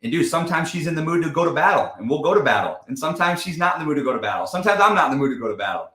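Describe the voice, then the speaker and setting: A man's voice: a little high, very animated, racing, fairly bright tone, roomy sound. A man talking as a podcast guest in casual chat, emphatic and profane, often saying dude and man.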